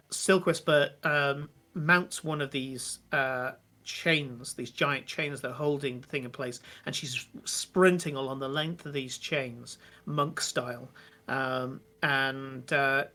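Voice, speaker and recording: A man narrating a tabletop game as game master, vivid but halting with many fillers. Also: mid-range voice, pushed and bright.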